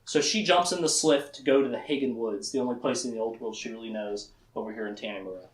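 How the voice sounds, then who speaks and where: A man casually recapping a book's plot in a lecture, laughing often and acting out the characters' lines in quick asides. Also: mid-range voice, echoey room. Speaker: book discussion host.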